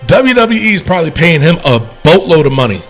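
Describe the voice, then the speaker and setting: Chatty, higher-voiced man. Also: fast talker, faint music behind. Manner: rambling, animated, laughs often. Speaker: podcast co-host. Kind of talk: casual wrestling chat.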